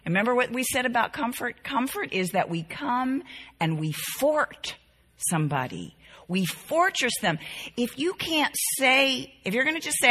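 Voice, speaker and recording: A woman's voice: fairly high pitch, sharp tone. A middle-aged woman teaching a Bible class to women, earnest and tender, repeating key phrases to drive them home. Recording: reverberant hall.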